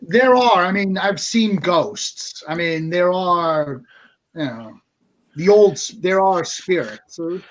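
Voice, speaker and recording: A man's voice: high voice, lively intonation, slow pace. A man playing a tabletop game, speaking in and out of character with stammers. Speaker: player.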